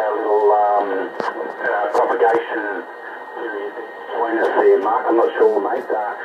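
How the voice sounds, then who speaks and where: A man chatting casually on amateur radio, halting and full of fillers. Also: lowish voice. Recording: tinny noisy radio link.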